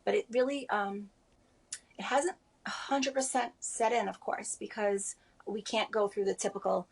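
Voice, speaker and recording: A grieving woman in her forties giving a remote interview over a video call, speaking softly and haltingly with many pauses. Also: mid-range voice, fairly even intonation, slightly rough. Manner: halting, soft-spoken, many pauses and fillers. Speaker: interview guest.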